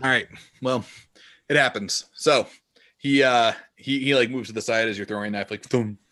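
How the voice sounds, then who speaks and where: A man narrating a tabletop game as game master, lively and full of sound effects. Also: mid-range voice, normal speed.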